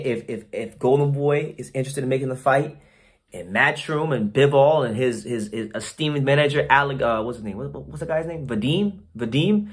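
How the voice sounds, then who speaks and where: A man hosting a boxing channel, giving casual, opinionated commentary to his viewers in a slangy, blunt way, often repeating and restarting words. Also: mid-range voice.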